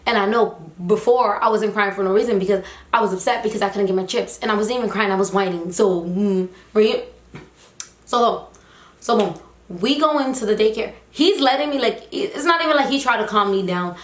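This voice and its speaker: A young woman vlogger telling a story in a casual, animated, slangy and emphatic way. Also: medium pitch, fairly quick. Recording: roomy echo.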